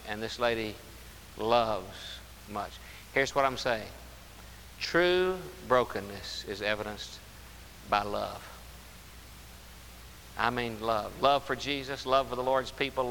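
At medium pitch and a bit bright, a man preaches emphatically, holding key words long and saying phrases again and again. Faint hiss and the reverb of a spacious hall color the recording.

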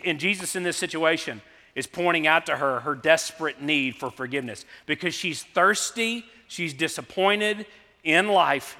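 A middle-aged man delivers a sermon, telling stories in a chatty, unpolished way with fillers and restarts. His voice sits a little high and sounds bright and forceful. The sound carries a long reverb, as in a large hall. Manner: conversational, anecdotal, with fillers and restarts. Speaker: preacher. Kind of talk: sermon with storytelling.

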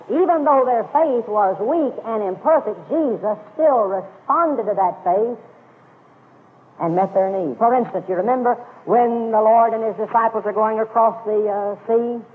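A man with a high voice delivers an emphatic sermon, driving his points home by repeating key phrases. His voice has a long reverb tail, as if he is in a big sanctuary. The sound is thin and narrow, like an old phone-line radio broadcast. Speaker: preacher.

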